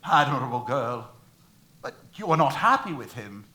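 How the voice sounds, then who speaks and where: A woman's voice: extremely low pitch, big pitch swings, moderate pace, pushed and bright, reverberant, exaggerated voice. A woman playing a vain male poet tired of his own charm, declaiming melodramatically on a theater stage. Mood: lovesick. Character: vain handsome male poet, weary of conquests. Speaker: stage actor. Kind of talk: amateur stage musical acting.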